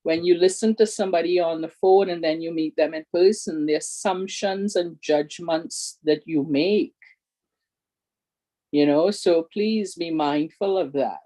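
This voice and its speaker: A woman's voice: on the low side, unhurried, warm tone, rough recording. A woman activist speaking earnestly and emphatically in a casual conversation, appealing directly to listeners.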